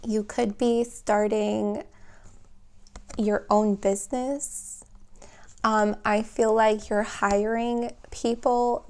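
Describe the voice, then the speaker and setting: A woman's voice: medium pitch, darkish tone, smooth. A woman giving a tarot reading, thinking aloud and often exclaiming with emotion. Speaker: tarot reader.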